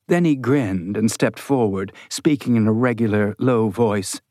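A man's voice: fairly low pitch, unhurried, hardly any pauses, darkish tone, dry recording. Male audiobook narrator, dry and close. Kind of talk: scripted narration.

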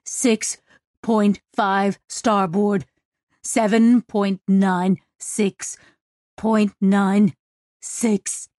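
Woman voicing a trancelike alien navigator, halting and very slow, dry audiobook sound. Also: medium pitch, flat delivery, darkish tone, no echo. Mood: dazed. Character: entranced alien navigator, dazed and distant.

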